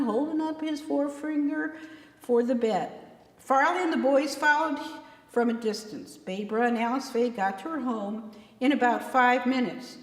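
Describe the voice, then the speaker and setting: A woman author reading her own novel aloud, acting out the dialogue with shifting voices. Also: sits high. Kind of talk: dramatic book reading. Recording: echoey room with long reverb.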